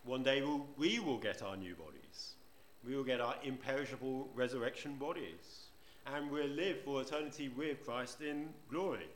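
A man's voice: mid-range voice, normal speed, few pauses, slight background noise. A man preaching a sermon in church, conversational, often asking the congregation rhetorical questions. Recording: roomy church echo.

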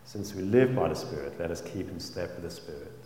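Gentle low-voiced preacher in echoing hall. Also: male voice, a little fast, a little hiss or hum. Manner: gentle, earnest, drops very soft on quoted phrases. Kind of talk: sermon and spoken prayer. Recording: roomy hall with long reverb.

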